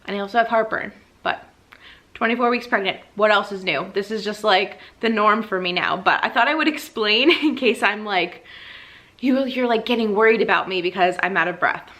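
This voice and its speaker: Young woman vlogger, bright and bubbly, slightly breathless, casual to-camera chat. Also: medium pitch, moderate pace. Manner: bubbly, gushing, frequent "like". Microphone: camera mic, seated.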